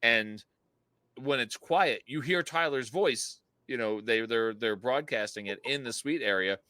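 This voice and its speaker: A man hosting a podcast, telling stories in an animated way and laughing often. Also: mid-range voice, unhurried, no echo. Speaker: podcast host. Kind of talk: casual chat.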